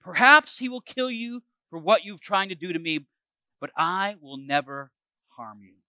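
A man's voice: high-pitched, unhurried, pushed and bright, no echo, heavily acted. A man reading aloud the part of a young fugitive warrior who pleads his innocence to a king, in an earnest, pleading way.

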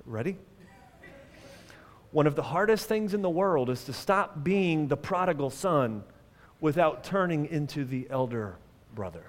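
A pastor giving a sermon in a conversational way, putting questions to the congregation and adding wry humor. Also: male voice, fairly high pitch, animated, a little slow, pauses often, slight background noise. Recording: long reverb of a large hall.

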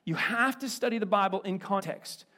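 Pastor, male, fairly high voice; lively, chatty sermon delivery with joking asides. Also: normal speed. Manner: animated, conversational, playful asides. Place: church.

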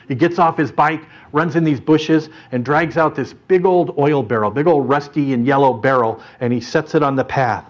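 A man preaching a sermon through an animated story in front of a congregation, dramatically shifting his voice as he tells it. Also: a little high, normal speed, hardly any pauses. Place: church or hall with an audience. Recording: dull lo-fi recording.

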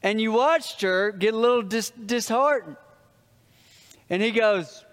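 A man preaching a sermon as a pastor, telling stories and dropping his voice low for the punchlines. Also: moderate pace, a bit bright. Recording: long hall reverb.

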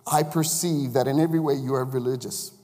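A man's voice: mid-range voice, fairly even intonation, fairly quick, dark tone. Male chaplain-preacher, mid-range voice, chatty sermon delivery, recorded in a church sanctuary with a long echo. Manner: conversational, asks the congregation questions.

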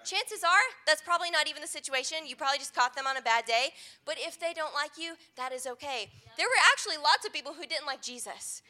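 Woman, pastor, sermon, high-pitched, earnest, conversational. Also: lively intonation, quick pace, few pauses, sharp tone.

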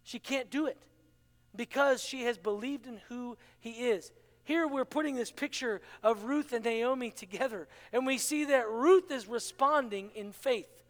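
A man's voice: very high voice, fairly bright tone. A man preaching a sermon in a dramatic manner, acting out the quoted dialogue. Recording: long hall reverb.

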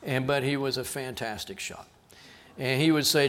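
Preaching at a moderate pace, a pastor from South Texas delivers his sermon in a mid-range voice. The earnest tone dips into hushed emphasis on important words.

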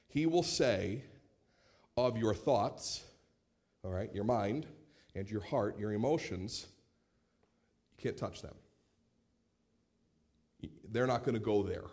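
Preaching a sermon, this late-thirties pastor sounds lively and speaks in a mid-range voice. He acts out quoted speech and often repeats a word as he launches into a phrase.

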